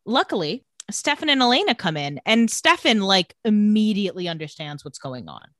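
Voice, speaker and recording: A woman talks through a TV episode in easy conversational recap, voicing the characters' lines as she goes and leaning on "like" constantly. Her voice sits at a middle pitch and sounds close and dry. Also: big pitch swings, normal speed, fairly bright tone, dry recording. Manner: retells scenes with quoted lines, says "like" often. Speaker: podcast co-host recapping a TV episode. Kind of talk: casual chat.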